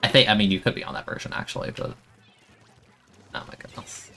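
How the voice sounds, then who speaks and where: A young man streaming a game, complaining in an exasperated, self-mocking way, with sudden high-pitched outbursts. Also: brisk, fairly bright tone. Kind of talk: casual live-stream commentary.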